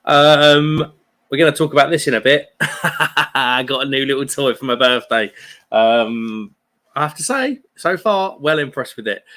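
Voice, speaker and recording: A man's voice: medium pitch, lively intonation, normal speed, pushed and bright. A man in his thirties with a British accent, chatting casually on a beer live stream and reading viewer comments, jokey and friendly. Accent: British English. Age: 30s. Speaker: beer livestream host.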